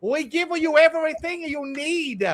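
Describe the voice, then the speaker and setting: A man's voice: on the high side, a little hiss or hum. A man putting on an over-the-top fake Italian accent as a boastful football manager. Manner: exaggerated stage Italian accent, drawn-out words.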